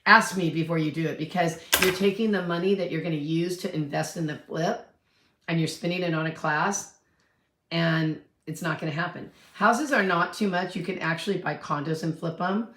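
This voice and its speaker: A woman's voice: lowish voice, moderate pace, fairly bright tone, roomy sound. A woman in her fifties, a real estate agent, chatting casually on a livestream, rambling and answering viewer questions.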